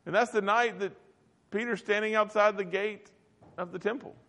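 High-voiced guy preaching, cracking jokes, big echoey hall. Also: steady tone, moderate pace, fairly bright tone. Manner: jokey, playful asides, acts out quotes. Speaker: pastor. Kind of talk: humorous sermon storytelling. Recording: reverberant hall recording.

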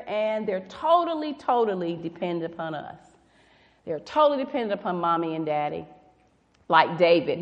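A woman preaching a sermon, reading scripture aloud with emphatic stress on key words. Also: medium pitch. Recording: echoey hall with long reverb.

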